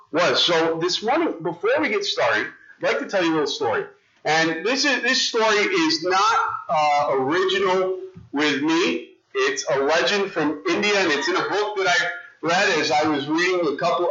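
A male pastor preaching a sermon in a chatty, animated storytelling way. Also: a little high, dull audio.

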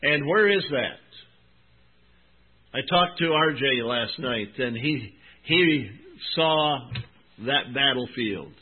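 A man preaching a sermon, reading scripture with emphatic, drawn-out stresses and calling his listeners "my friend" and "folks.". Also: medium pitch, lively intonation, slightly rough. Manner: emphatic, drawn-out Bible reading, rising and dropping in volume. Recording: tinny phone-like recording.

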